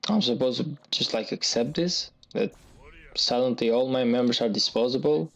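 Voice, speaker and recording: A man's voice: mid-range voice, normal speed, creaky, dull audio. A man giving gameplay commentary, venting in an agitated, repetitive way as a gaming YouTuber.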